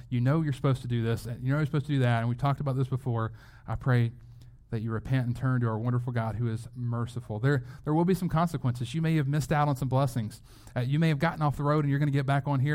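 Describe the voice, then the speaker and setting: A man's voice: mid-range voice, a little mellow. A man preaching a sermon as a pastor, in a conversational way, often repeating words as he goes. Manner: conversational, with frequent word repeats.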